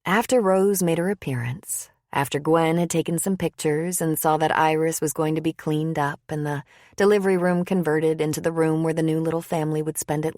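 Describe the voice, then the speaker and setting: A woman narrating an audiobook in an even, measured way on a close studio mic. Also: low voice, no echo. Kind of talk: scripted narration.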